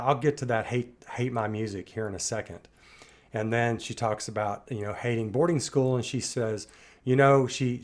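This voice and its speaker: A middle-aged man talks through his thoughts in a reflective commentary, musing and circling back as he goes. His voice sits at an ordinary middle pitch for a man. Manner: thoughtful, musing, loosely rambling. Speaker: reaction commentator.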